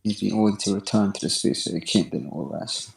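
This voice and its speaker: A man calling in to a live debate, calmly questioning the host. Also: fairly low pitch, a little fast, vocal fry, reverberant, low-quality recording. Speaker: caller. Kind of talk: debate call.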